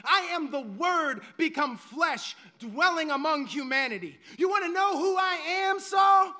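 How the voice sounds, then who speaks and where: A preacher voicing Jesus, booming and majestic. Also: male voice, animated, measured pace, pushed and bright, full character voice. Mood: commanding. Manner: booming, declaiming proclamations. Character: Jesus, risen divine lord, majestic and commanding.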